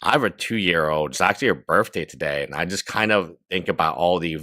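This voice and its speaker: A man commentating a video, halting, with many fillers. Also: deep voice, sharp tone, no room sound, clean studio sound. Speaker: commentator in a played clip.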